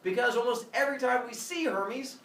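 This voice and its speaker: A male teacher telling a story to a class in a playful, animated way, acting out the characters. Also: extremely high pitch, fairly quick, creaky. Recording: echoey classroom from far off, faint noise.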